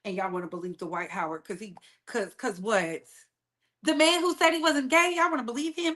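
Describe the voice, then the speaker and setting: Sassy high-voiced woman streaming. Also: a little fast, a bit bright. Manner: sassy, blunt, talks straight to viewers. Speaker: online commentary host. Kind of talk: live-stream gossip commentary.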